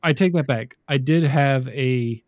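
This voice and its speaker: A man's voice: mid-range voice, unhurried, darkish tone, no echo. Man, podcast co-host, blunt, opinionated, profane, dry close recording. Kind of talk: casual chat.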